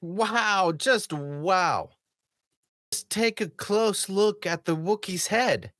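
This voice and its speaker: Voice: medium pitch, drawn-out words, a bit bright, no echo. Sarcastic reviewer mocking a TV episode. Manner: swears casually. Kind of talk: casual review commentary.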